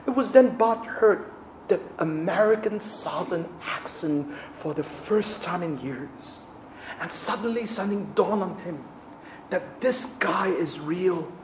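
A man preaching a sermon in an auditorium, swinging between loud emphasis and hushed, drawn-out phrases. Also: sits high, expressive. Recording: roomy echo, faint background noise.

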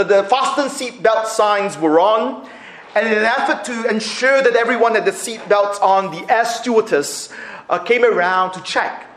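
A man preaching a sermon, acting out quotes with laughs. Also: high voice. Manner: animated, acts out quotes with laughs. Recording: echoey room.

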